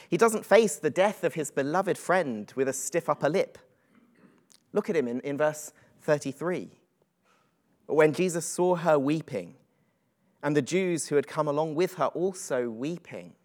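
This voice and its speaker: A man preaching a reflective, earnest sermon with frequent ums and uhs. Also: fairly high pitch.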